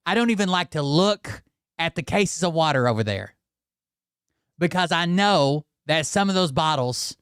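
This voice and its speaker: A man hosts his channel with a casual, profanity-laced rant aimed straight at his viewers, sounding exasperated throughout. His voice sits a little high for a man and comes across smooth and resonant. The sound is close and dry, with no room echo. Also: fairly bright tone. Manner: exasperated, swears often, addresses viewers directly. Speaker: channel host.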